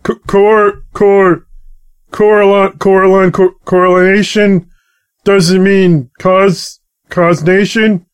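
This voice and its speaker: A man's voice: high-pitched, steady tone, brisk, hardly any pauses, a bit bright, clear, resonant tone, voice pushed up. A man voicing a dim, boastful male warrior who sarcastically stumbles over big words. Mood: sarcastic.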